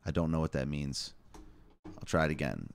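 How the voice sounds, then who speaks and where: Deep-voiced man hosting a live stream. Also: lively intonation, moderate pace, gravelly. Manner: offhand, wry, reads aloud with asides and chuckles. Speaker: live show host. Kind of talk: casual live-stream commentary reading headlines.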